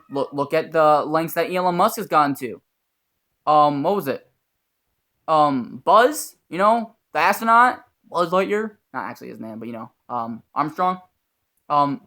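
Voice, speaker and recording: A man's voice: high-pitched, a bit bright. Blunt, earnest young man venting. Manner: blunt, profane and earnest, with frequent ums. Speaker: YouTuber. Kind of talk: motivational vlog monologue.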